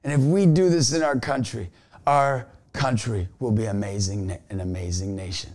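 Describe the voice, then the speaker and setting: A man coaching youth basketball gives an energetic motivational talk to camera, telling stories and breaking into shouts. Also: medium pitch, moderate pace. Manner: energetic storyteller, bursts into shouts.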